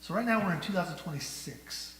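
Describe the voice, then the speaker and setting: A male pastor preaching a sermon, asking the congregation rhetorical questions and moving between hushed and loud delivery. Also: fairly high pitch, animated, brisk. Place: church sanctuary. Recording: echoey church hall with faint hum.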